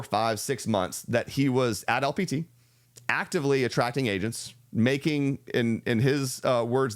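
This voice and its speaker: Man explaining calmly, mid pitch. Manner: measured, explanatory, restarts and fillers, speeds up and slows down. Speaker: real estate channel host reacting to a video. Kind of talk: reaction commentary explaining a business model.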